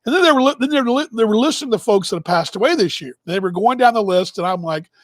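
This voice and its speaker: Talking fast in a high-pitched, animated voice with no echo, a man in his fifties from Texas hosts a broadcast. His casual storytelling rambles, with chuckling asides and moments where he interrupts himself.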